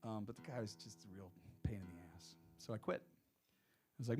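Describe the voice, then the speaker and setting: A middle-aged man with a Texan accent, a singer-songwriter chatting casually between songs in a relaxed storytelling way. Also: lowish voice, moderate pace, faint music behind. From Texas. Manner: relaxed storytelling, drawls into quoted voices. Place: small music workshop venue, live session.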